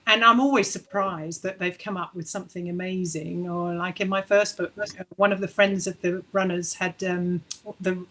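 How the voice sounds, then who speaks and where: A woman's voice: lowish voice, fairly bright tone, poor audio. Chatty woman author on a video call. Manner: chatty, many restarts and fillers. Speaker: author on a panel. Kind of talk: casual panel discussion.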